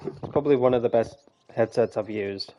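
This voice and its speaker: A man's voice: mid-range voice, fairly quick, warm tone, slight background noise. A young man rambling casually over gameplay on a headset mic, chatty, laughing often and swearing. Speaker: game streamer. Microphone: gaming headset.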